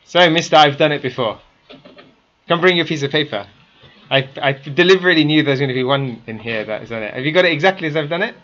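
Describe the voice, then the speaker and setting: A man's voice: fairly high pitch, fast talker, a bit bright, muffled recording. A man teaching a class, constantly quizzing his students with questions. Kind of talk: interactive classroom lesson.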